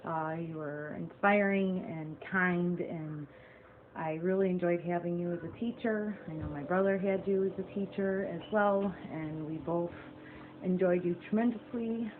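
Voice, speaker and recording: A young woman, a former student who is now a teacher herself, gives a sincere and somewhat halting thank-you message. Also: fairly low pitch. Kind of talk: recorded video tribute. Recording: tinny, noisy phone recording.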